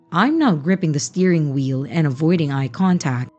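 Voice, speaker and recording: A woman's voice: sits low, lively intonation, moderate pace, few pauses, muffled recording. A woman narrating a horror story with dry, wry asides. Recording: soft music bed underneath.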